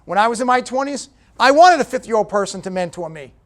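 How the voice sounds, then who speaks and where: A man's voice: very high-pitched, expressive, fast. A middle-aged man giving a motivational speech at a business breakfast, direct and punchy, often checking in with the audience. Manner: punchy, direct, talks to the audience with repeated "okay?". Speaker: guest speaker at a business breakfast.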